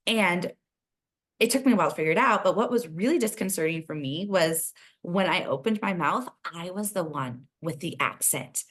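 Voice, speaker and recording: A woman's voice: fairly low pitch, animated, moderate pace, a bit bright. An American woman talking as a podcast guest, candid and chatty, sharing personal stories in a casual conversation.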